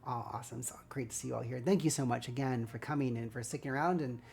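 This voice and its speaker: A woman's voice: extremely low pitch, fast, a little mellow. Scratchy-voiced woman chatting while building. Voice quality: scratchy, slightly gravelly voice. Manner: rambling, friendly, greets chat viewers. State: dry throat. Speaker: streamer building LEGO live. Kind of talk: casual livestream chat while building.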